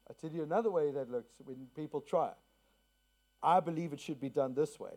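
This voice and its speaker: Guy preaching to a church, bit high pitched, warm mellow sound, earnest and repetitive, from south africa. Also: brisk. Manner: earnest, repeats key phrases, asks congregation questions. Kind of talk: sermon with personal story. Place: church to a congregation.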